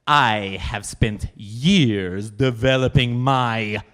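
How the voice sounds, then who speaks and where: A man voicing a stern, haughty woman, speaking slowly and formally on a live stage. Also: medium pitch, a bit bright, voice pushed down. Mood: imperious. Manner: slow, commanding, overly formal. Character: stern haughty Polish woman student, proud and imperious. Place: stage at a live storytelling event.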